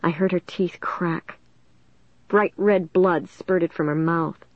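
A woman reading a first-person audiobook in a steady, measured way. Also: on the low side, dry recording, highs cut off. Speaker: audiobook narrator.

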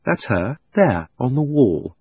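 A man's voice: medium pitch, big pitch swings, darkish tone, husky, muffled recording, voice pushed up, heavily acted. A man voicing a sly, greedy old magician uncle. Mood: wheedling. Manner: wheedling and sinister, drawn-out words. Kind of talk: audiobook reading.

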